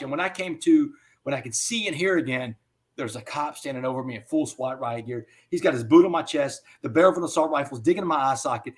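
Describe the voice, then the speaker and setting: A man giving an interview. He tells a personal story in an animated way and often says "man.". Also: mid-range voice. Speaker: interview guest.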